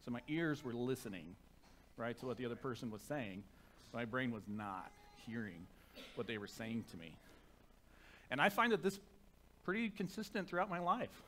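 Pastor, chatty sermon. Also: male voice, medium pitch, big pitch swings, normal speed, pauses often, slight background noise. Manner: conversational and self-deprecating, with soft reverent prayer. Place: church sanctuary. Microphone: microphone.

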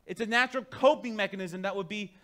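A man's voice: high voice, quick pace. A man pastor delivering a sermon, preaching emphatically and talking straight to his congregation in a conversational way. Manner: emphatic preaching that swings between quiet asides and loud declarations.

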